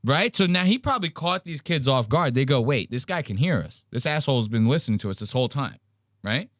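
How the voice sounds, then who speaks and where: A man hosting a podcast, telling a story in casual banter with crude, animated mocking impressions. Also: medium pitch, a little fast, dry recording, studio quality. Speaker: podcast host.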